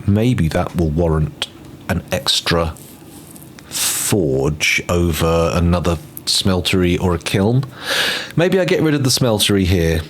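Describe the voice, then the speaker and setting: Man streamer, very low voice, rambling playful commentary, faint background hum. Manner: rambling, playful, mutters to himself while planning. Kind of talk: casual gameplay commentary. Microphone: desk microphone.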